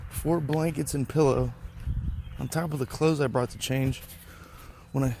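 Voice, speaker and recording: Gravelly, rambling man with a phone. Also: mid-range voice, fairly even intonation, a little slow, dark tone, slight background noise. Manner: rambling, swears freely, thinks aloud. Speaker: podcast host, delivery driver. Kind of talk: casual rambling vlog. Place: outdoors at home.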